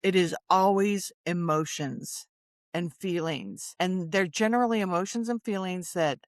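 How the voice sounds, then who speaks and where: A woman's voice: on the low side, a little slow, no room sound, clean studio sound. A woman hosting a candid talk, speaking earnestly and openly about her feelings. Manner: earnest, open, reflective, emotional. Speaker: show host in recovery. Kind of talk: candid conversation.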